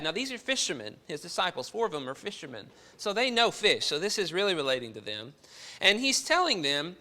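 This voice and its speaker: A man's voice: high-pitched, pushed and bright. A man preaching a sermon to his congregation, earnest and full of rhetorical questions.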